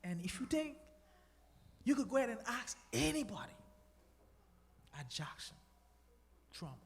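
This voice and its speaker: A man gives a testimony from the pulpit, his voice sitting high and swinging widely as he exhorts the congregation. The sound carries a long reverb from the church hall. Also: a little slow, creaky. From Bahamas. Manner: animated, preachy exhortation to the congregation. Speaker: guest speaker giving a testimony. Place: church sanctuary.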